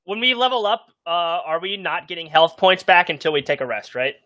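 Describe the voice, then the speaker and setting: A man's voice: sits high, animated, brisk, pushed and bright, no echo. A man playing a tabletop game, chatting casually and asking hesitant questions with a joking tone. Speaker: player. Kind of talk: casual chat at a gaming table.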